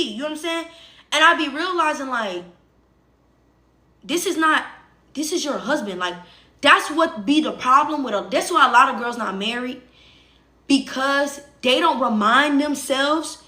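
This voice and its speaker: A woman's voice: high-pitched, expressive, normal speed, bright, forceful tone, echoey room. A young woman casually telling a personal story to her viewers, emphatic and conversational, repeating phrases and checking that listeners follow. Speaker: livestream host.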